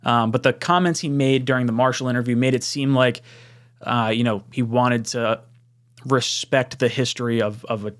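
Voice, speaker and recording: A young man chats casually on his live stream, reading viewer comments aloud. He sounds excitable, laughs easily and often bursts into a higher voice when worked up. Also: moderate pace.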